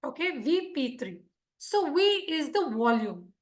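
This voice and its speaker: A woman with a husky voice, giving a lively instructional talk to a speaking club and checking in with her audience often. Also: high-pitched, measured pace. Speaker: Toastmasters speaker teaching speech craft.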